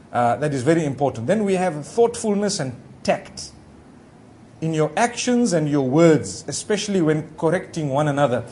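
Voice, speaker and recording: A man giving a conversational Islamic sermon, talking directly to his listeners in a relaxed way with frequent asides. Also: fairly high pitch, slight background noise. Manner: relaxed, talks directly to the audience with frequent "you know". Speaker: Islamic preacher.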